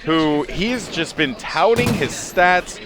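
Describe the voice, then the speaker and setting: A man's voice: on the high side, expressive, slow, noisy background. A man casting a competitive shooter match, chatting and joking between plays with his co-caster. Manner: chatty, jokey, quotes players in put-on voices. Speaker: esports caster. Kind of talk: play-by-play commentary. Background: game gunfire and faint music.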